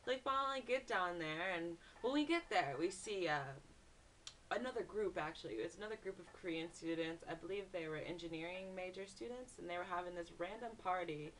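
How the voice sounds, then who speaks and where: A woman's voice: on the low side, a little fast, recorded from a distance, slight background noise. Young woman telling a story, slightly off-mic. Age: young adult. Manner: animated, says "like" a lot, acts out screams in quotes. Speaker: vlogger. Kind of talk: casual storytelling vlog.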